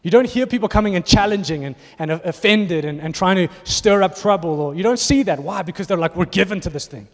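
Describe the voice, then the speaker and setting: A fairly high-voiced man, preaching to his congregation. He speaks with passion and rises into emphatic bursts. His voice rings out with long reverb through a large church hall. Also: animated, brisk, few pauses. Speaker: pastor. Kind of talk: sermon. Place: church auditorium.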